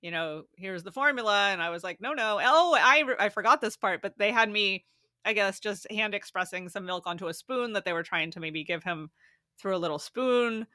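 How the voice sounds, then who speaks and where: A woman guest on a podcast, telling a story in an animated, casual way and laughing often. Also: medium pitch, moderate pace, no echo, studio quality.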